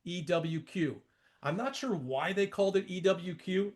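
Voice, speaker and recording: This trading lesson comes from a man in his sixties, a market educator whose voice is notably high and whose pace runs a little slow. He brings up charts along the way, stays emphatic and repetitive, and drops folksy asides to the audience.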